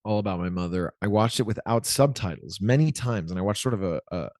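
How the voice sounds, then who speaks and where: Interview guest, man, 40s: loose, meandering chat, low register, dry close mic. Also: animated, a little fast, a little mellow, no echo. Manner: rambling, self-correcting, many likes.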